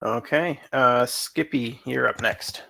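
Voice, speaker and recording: A man's voice: mid-range voice, slow pace, vocal fry, sharp tone. A man running a tabletop game as game master, matter-of-fact and asking about the rules.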